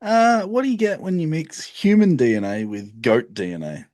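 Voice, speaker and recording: A man's voice: fairly high pitch, moderate pace, a little mellow. A man co-hosting a casual podcast, dry and teasing. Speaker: podcast co-host. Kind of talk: casual chat.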